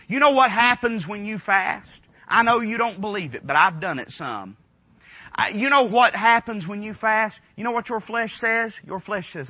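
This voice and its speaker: Man preaching a sermon, folksy and chatty, rhetorical questions, slightly high voice, dull dry recording. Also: no echo.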